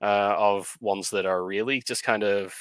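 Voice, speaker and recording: A man co-hosting a casual talk on editing fiction, explaining at a measured pace with frequent ums and uhs. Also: lowish voice, steady tone, fairly bright tone, smooth, dry recording. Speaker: co-host of a writing advice show.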